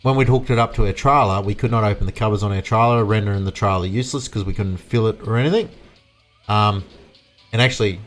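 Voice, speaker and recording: An Australian man giving casual, rambling commentary while livestreaming a farming game and chatting with his viewers. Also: lowish voice. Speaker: livestream gamer. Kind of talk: casual live gameplay commentary.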